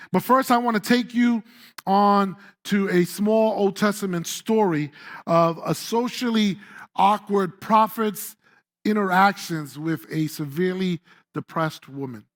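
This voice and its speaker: Pastor, male, high-pitched voice, chatty sermon delivery with playful asides. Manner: conversational and humorous, acting out scripture voices. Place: church.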